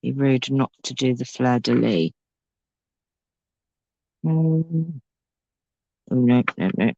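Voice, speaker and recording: A woman's voice: a bass voice, animated, takes it slowly, mellow, no room sound, lo-fi sound. A woman hosting a casual crafting livestream, chatting and thinking aloud as she works. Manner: chatty, thinks aloud, talks to her pet. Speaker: craft channel host.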